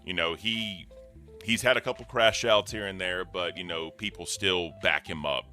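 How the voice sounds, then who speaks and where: A man with a deep voice hosting a casual livestream, announcing giveaways in a laid-back way. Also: normal speed, pushed and bright, faint music behind. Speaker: livestream host.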